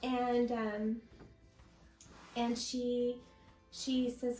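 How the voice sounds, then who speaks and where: A woman guest sharing a personal faith testimony in an interview, telling her story slowly and from the heart. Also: a little high, level tone, warm tone, echoey room, soft background music, low-quality recording. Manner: slow, heartfelt storytelling with many pauses.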